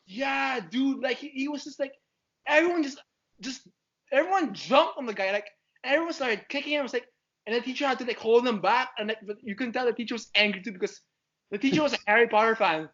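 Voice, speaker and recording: Podcast guest, man, gushing fan who rambles fast, on a dull lo-fi mic. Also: very high voice. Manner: excitable, rambling, fannish. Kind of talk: casual chat.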